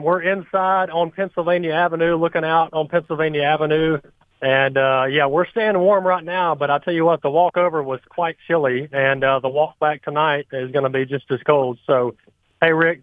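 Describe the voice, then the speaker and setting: A man's voice: a little high, smooth, no echo. A man reporting by phone from inside a busy restaurant, talking steadily with many fillers. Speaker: radio co-host reporting on location. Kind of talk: casual on-location report. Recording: phone-like line.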